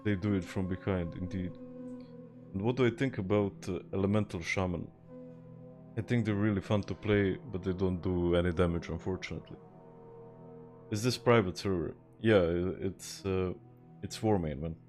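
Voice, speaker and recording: A man's voice: low voice, steady tone, normal speed, a little mellow, faint music behind. A young man from Serbia with a Serbian accent, chatting casually on a game stream, laid-back and swearing, reading and answering viewer chat. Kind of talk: casual live-stream chat while gaming.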